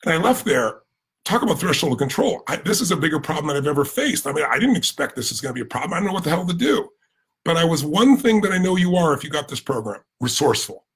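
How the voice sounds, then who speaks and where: Husky fast-talking American man. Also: on the high side. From United States. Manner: animated, emphatic, acts out quoted voices. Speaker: motivational speaker. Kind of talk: energetic storytelling speech.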